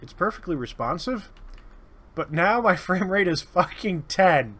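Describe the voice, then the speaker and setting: A man's voice: high-pitched, animated, unhurried, sharp tone. A man giving casual, sardonic gameplay commentary, muttering his way through lists of items. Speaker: let's play host. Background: keyboard typing.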